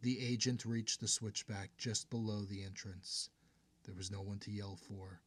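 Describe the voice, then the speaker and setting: A man narrating an audiobook in a steady, measured way, going hushed in tense passages. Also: on the low side, breathy edge.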